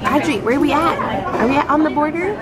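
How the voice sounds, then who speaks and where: A young mom with a high voice talks fast while vlogging with her kids on a handheld camera, chatty, playful and often laughing. It's a casual family vlog, and loud crowd and street noise fill the recording.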